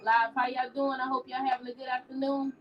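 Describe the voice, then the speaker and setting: A woman's voice: high-pitched, a little fast, highs cut off, soft background music. A woman rapper talking between songs at a streamed festival show, energetically hyping up her audience. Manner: energetic, hypes the crowd, shouts call-outs. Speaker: rapper performing at a digital festival. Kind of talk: live performance banter with a streaming audience.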